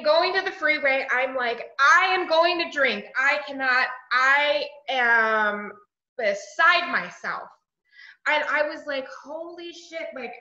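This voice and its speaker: High-pitched woman telling her story. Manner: animated storytelling with quoted dialogue and frequent "like". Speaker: speaker sharing her recovery story. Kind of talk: recovery meeting share. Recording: echoey room, dull lo-fi sound.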